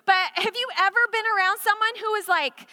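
A woman's voice: very high-pitched, fairly even intonation, brisk, sharp tone, in a large hall. A woman preaching a sermon in a chatty, conversational storytelling way, full of casual asides.

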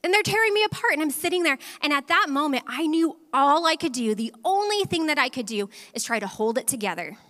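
High, bright woman pastor preaching. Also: brisk, few pauses. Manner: animated storytelling, talks directly to audience. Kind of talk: sermon with personal story. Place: large church hall. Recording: long hall reverb.

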